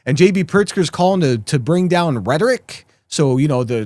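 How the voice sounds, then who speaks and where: A man's voice: fairly high pitch, expressive, a little mellow, dry recording. Sarcastic male political commentary host. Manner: sarcastic, mocking, rapid asides to viewers.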